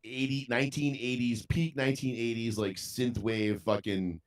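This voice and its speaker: Speaking at a normal speed in a mid-range voice with fairly even intonation, a young man co-hosting a podcast tells a sprawling, foul-mouthed story. He keeps laughing as the casual chat unfolds.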